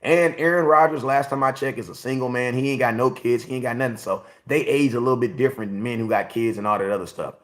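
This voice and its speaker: A man's voice: medium pitch, fast, hardly any pauses. Blunt forty-year-old man ranting to chat. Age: 40s. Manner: blunt, repetitive, talks straight to chat. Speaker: sports livestream host. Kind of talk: casual livestream commentary.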